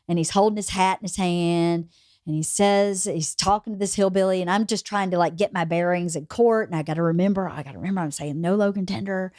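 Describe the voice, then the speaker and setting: A woman hosting a podcast, telling a story in a lively, casual way and laughing as she goes. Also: on the low side, brisk, dry recording, clean studio sound. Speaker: podcast host.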